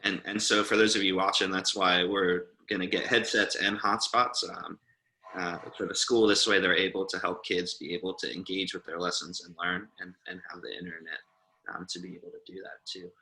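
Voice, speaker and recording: A man interviewing for a church, gentle and reassuring, with a few fillers. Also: sits low, little pitch movement, a little fast, poor audio. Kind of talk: casual interview.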